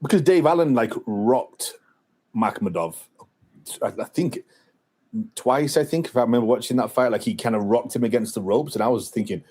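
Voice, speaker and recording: A man's voice: medium pitch, moderate pace, darkish tone, husky. A man co-hosting a boxing podcast, talking in a rambling way with many fillers and restarts. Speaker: podcast co-host. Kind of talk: casual boxing chat.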